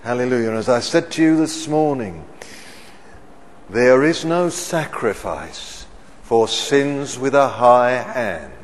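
A man preaching a sermon. He keeps asking the congregation questions and swells loud on the words he stresses. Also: mid-range voice, animated, takes it slowly. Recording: reverberant church hall.

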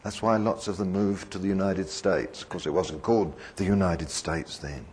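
A man's voice: deep voice, steady tone, normal speed, darkish tone, a little hiss or hum. A man preaching a sermon in a conversational, digressive way, often putting questions to the congregation.

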